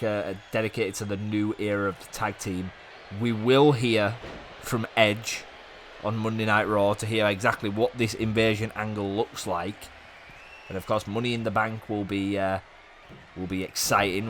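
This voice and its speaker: A man hosting a gaming video, giving chatty play-by-play commentary that rambles and jumps up with excitement at big moves. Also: lowish voice, slight background noise. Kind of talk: casual play-by-play game commentary.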